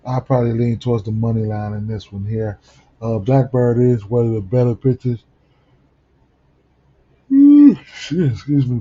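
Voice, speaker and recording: A man's voice: on the low side, mellow, a little hiss or hum. Sleepy, rambling man on a dull mic. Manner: rambling, many fillers and restarts. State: sleepy, yawning early in the morning. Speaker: sports betting host. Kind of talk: casual betting picks rundown.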